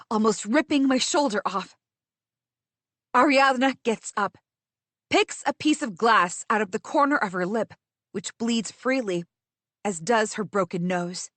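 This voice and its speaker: A woman reading a first-person fantasy audiobook in a measured, tense way, close to the mic. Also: a little high, fairly bright tone, no echo. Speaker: audiobook narrator.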